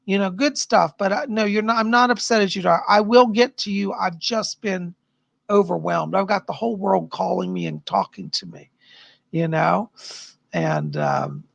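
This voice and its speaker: A tired middle-aged man with a raspy, worn voice, chatting upbeat with viewers as a psychic livestream host. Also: high-pitched, normal speed, fairly bright tone, no echo, dull audio. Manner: chatty, upbeat, answers chat questions. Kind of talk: casual live-stream chat.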